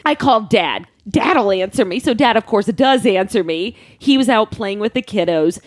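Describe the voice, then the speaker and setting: A woman's voice: mid-range voice, lively intonation, moderate pace, no room sound. A woman telling a dramatic family story in casual chat, acting out quotes and laughing often.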